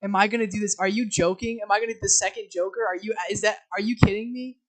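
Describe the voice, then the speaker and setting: A woman live-streaming herself reading a film script aloud, switching from flat reading of scene directions to flustered asides to her chat. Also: medium pitch, fast, rough recording.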